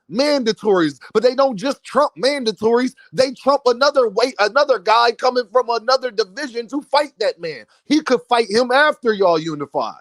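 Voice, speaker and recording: A man with a high voice delivers opinionated boxing commentary. He speaks emphatically and addresses his audience directly. The sound is close and dry, with no room around it. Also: animated, normal speed, few pauses, no echo. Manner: emphatic, talks straight to his viewers.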